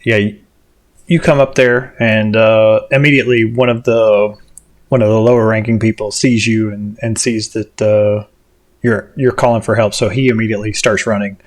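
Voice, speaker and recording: A man's voice: lowish voice, flat delivery, moderate pace. A man running a tabletop game as game master, rambling with lots of ums and restarts. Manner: rambling, many fillers and restarts.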